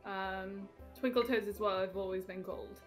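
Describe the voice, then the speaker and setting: A woman's voice: medium pitch, fairly even intonation, moderate pace, faint music behind, pitched below the performer's own voice, lightly acted. A woman voicing a polite young orphan adventurer who asks questions hesitantly. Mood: uncertain.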